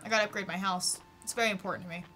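A woman's voice: mid-range voice, fairly even intonation, racing, bright, forceful tone, soft background music. A woman from Texas chatting casually with her live-stream chat while playing a farming game, giggling often.

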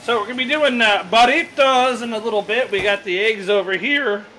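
A man hosts a home cooking vlog with a high, bright voice and an excited, joking manner. He is in a family kitchen, recorded on the camera's mic. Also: a little fast, a little hiss or hum, rough recording. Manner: excited, jokey show-host banter. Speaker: vlog host.

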